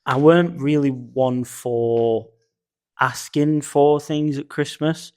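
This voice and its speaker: A man's voice: on the high side, takes it slowly, darkish tone, no echo. A man co-hosting a podcast, telling stories in a laid-back, casual chat and swearing freely. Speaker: podcast co-host.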